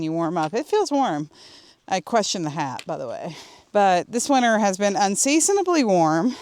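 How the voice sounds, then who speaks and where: A woman's voice: medium pitch, darkish tone, no echo. A woman chatting casually on a hiking trail, laughing often and getting out of breath on the climbs. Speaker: vlogger. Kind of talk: casual hiking vlog talk. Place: outdoors on a desert trail.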